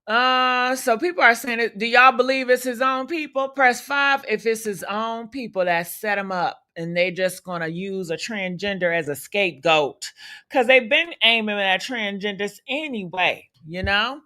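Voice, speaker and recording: A woman's voice: medium pitch, normal speed, bright, forceful tone. A woman hosting a livestream, talking in a profane, sassy, combative way full of rhetorical questions. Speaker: livestream commentary host. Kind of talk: loud unfiltered gossip commentary.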